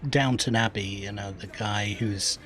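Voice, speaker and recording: A man's voice: on the low side, fairly even intonation, a little slow, fairly bright tone, soft background music. Chatty man with a northern English accent. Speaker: streamer playing a space game. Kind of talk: casual chat.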